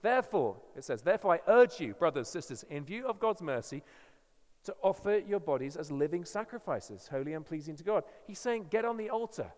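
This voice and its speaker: A man's voice: fairly high pitch, big pitch swings, a little fast, a little mellow. An English man preaching a sermon as a guest speaker, earnest and emphatic, often restarting his phrases. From England. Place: church. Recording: church hall with long reverb.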